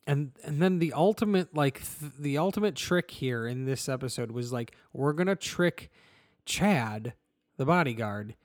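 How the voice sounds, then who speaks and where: A man co-hosting a casual podcast, talking through a TV episode in an animated way and quoting characters. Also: medium pitch, unhurried, no echo, clean studio sound. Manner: animated, quotes characters in mock voices, swears. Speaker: podcast co-host. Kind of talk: casual chat reviewing a TV episode.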